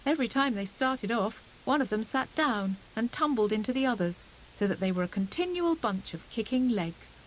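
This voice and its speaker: A woman narrating a children's storybook audiobook in a gentle, expressive storytelling manner. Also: medium pitch, slight background noise, low-quality recording.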